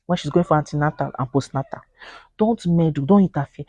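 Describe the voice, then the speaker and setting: Nigerian woman, vlogger, mellow low voice, husky, dry close sound, animated, pleading. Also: brisk, dry recording. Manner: animated, acts out quoted voices in Pidgin; earnest and pleading. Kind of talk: casual talk to camera.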